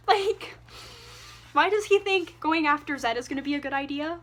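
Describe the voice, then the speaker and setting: A woman's voice: high-pitched, moderate pace, a bit bright. A young woman giving a casual, ranting book review, exasperated and sarcastic, swearing freely.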